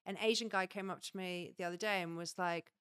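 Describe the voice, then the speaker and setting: A woman's voice: fairly low pitch, steady tone, a little fast, fairly bright tone, clear, resonant tone. A woman comedian from England with an English accent, talking frankly and animatedly on a podcast, often swearing. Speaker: guest comedian. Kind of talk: casual podcast chat.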